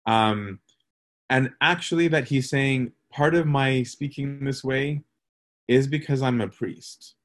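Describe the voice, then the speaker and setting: A male priest teaching on a scripture passage in a relaxed, conversational way, reading verses aloud and often checking in with "right?". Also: medium pitch, slow pace. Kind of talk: scripture study talk.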